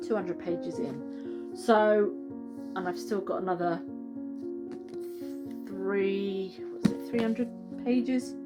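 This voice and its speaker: A woman vlogging casually to camera about a book she is reading, chatty and rambling, often correcting herself mid-sentence. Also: medium pitch.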